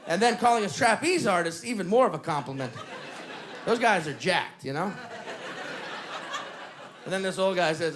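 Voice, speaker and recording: A male stand-up comedian telling an animated, punchy story on a comedy club stage. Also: high voice, normal speed, pauses often.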